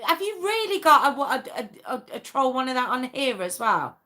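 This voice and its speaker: A woman's voice: sits high, very animated, normal speed, sharp tone. A woman hosting a true crime livestream, chatting casually with viewers, answering their comments and laughing often. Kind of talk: casual live chat with viewers.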